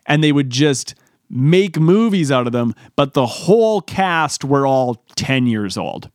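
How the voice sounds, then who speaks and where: A man's voice: mid-range voice, unhurried, no echo, clean studio sound. Rambling guy telling funny stories. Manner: rambling, animated, acts out quotes. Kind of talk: comedic storytelling.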